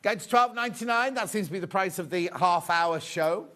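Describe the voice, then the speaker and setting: A man with a slightly high voice hosts a live TV shopping show from a studio. He keeps up cheerful, chatty sales patter, calls out prices and chats with the crew off camera. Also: brisk, a bit bright. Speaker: shopping channel presenter.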